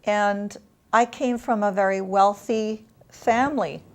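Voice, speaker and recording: A woman guest in an interview, telling a painful personal story in an emotional, halting way with long pauses. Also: medium pitch, steady tone, darkish tone.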